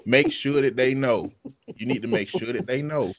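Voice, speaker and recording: A man's voice: mid-range voice, moderate pace, vocal fry. A man in casual conversation, giving blunt, profane advice. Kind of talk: casual chat. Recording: dull lo-fi sound.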